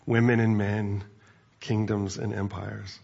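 A man quoting a solemn, gravelly lion. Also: on the low side, little pitch movement, slow pace, a little mellow, muffled recording, heavily acted. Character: solemn lion speaking calmly, male.

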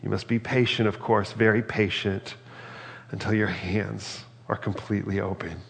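A man's voice: on the low side, level tone, moderate pace, vocal fry, in a large hall. A man preaching a reflective, earnest sermon and reading scripture aloud. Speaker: pastor.

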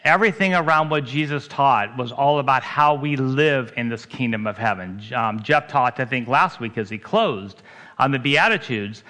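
A man's voice: mid-range voice, pushed and bright. A man, a pastor, preaching a sermon in a conversational way, asking his congregation questions.

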